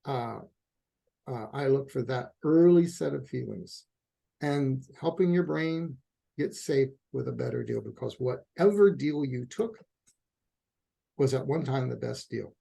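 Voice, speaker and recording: A man's voice: mid-range voice, unhurried, vocal fry, husky. A middle-aged man, a couples therapist, answering in a conversational interview and telling stories with acted-out quotes. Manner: animated storyteller, acts out quotes.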